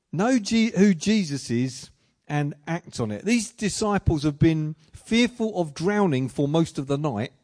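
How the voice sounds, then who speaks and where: A man's voice: a little high, a little mellow. A man delivers a sermon in a loose, conversational way, with a voice sitting a little above the usual male range. He mixes Bible retelling with self-deprecating personal stories. He often trips over his words and restarts sentences. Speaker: preacher.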